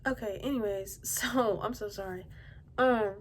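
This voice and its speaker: A woman telling a personal story in a casual vlog, soft-spoken and rambling, with lots of "like" and a hushed delivery. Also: mid-range voice, a little slow, slight background noise. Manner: often drops to a hushed, quiet delivery. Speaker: vlogger telling her own story.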